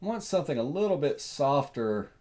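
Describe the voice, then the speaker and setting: A middle-aged man with a Southern accent, hosting a live software tutorial and thinking aloud with plenty of fillers as he works. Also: fairly high pitch, brisk. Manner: relaxed, rambling, thinks aloud with many fillers.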